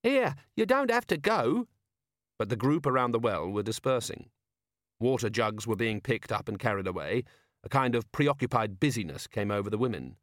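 A man narrating an audiobook with a wry, measured reading. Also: fairly low pitch, no echo, studio quality. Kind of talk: scripted narration.

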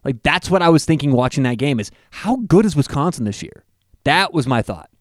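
A man co-hosting a sports betting talk show, opinionated and self-deprecating, with quick asides. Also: on the high side, big pitch swings, dry recording, clean studio sound. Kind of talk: casual sports chat.

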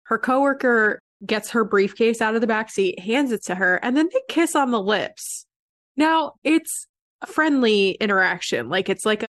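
A woman co-hosting a podcast, telling scenes in animated casual chat full of "like". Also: on the high side, moderate pace, dry recording, studio quality. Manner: animated storytelling with lots of "like". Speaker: podcast co-host.

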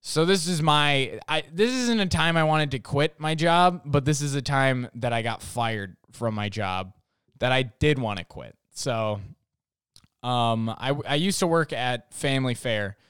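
A man's voice: mid-range voice, animated, a little slow, fairly bright tone, clean tone, no room sound, clean studio sound. A young man from North Dakota hosting a casual comedic monologue, rambling with lots of "like" fillers and acting out quotes. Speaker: podcast host.

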